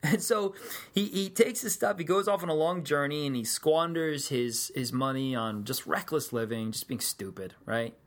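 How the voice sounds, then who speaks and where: A man's voice: a little high, moderate pace. A man preaching a sermon, telling the story in a casual, conversational way with joking asides.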